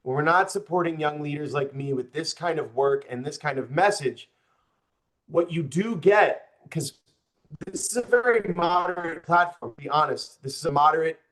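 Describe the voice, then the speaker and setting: A man's voice: fairly high pitch, fairly bright tone. A young man, a political candidate, speaking passionately and with open frustration to a group, addressing the audience directly. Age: young adult. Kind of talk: campaign speech to a group.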